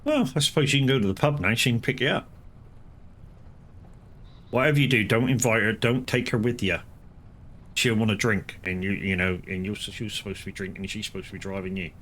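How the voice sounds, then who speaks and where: A man's voice: lowish voice, brisk, pauses often, a bit bright. A man streaming a farming game, rambling and swearing as he chats to viewers. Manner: rambling, swearing, frequent restarts. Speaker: live streamer. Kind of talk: casual gameplay commentary.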